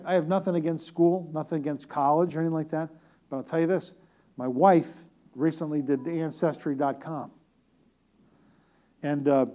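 A middle-aged male pastor preaches with a slightly raised, mellow voice. He tells stories with gentle humor. He swings between booming emphasis and soft, near-whispered asides. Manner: storytelling with humor. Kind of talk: sermon.

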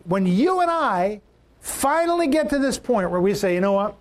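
Speaking at normal speed in a sing-song way, a high-voiced male pastor delivers his sermon emphatically. Key lines come back again and again as his pitch climbs and drops for emphasis.

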